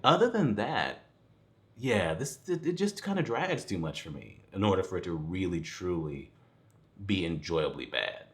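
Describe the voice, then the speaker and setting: Man, lowish voice, casual film review, rambling, frequent laughter, swearing. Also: very animated, normal speed, a bit bright. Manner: rambling, chuckling, profane. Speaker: movie reviewer.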